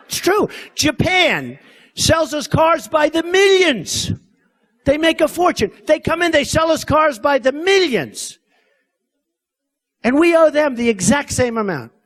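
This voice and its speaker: A man's voice: very high-pitched, fairly bright tone. A man in his sixties giving a rambling, boastful campaign speech at a convention, full of repetition and asides to the crowd. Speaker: political candidate speaking at a convention. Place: convention hall stage.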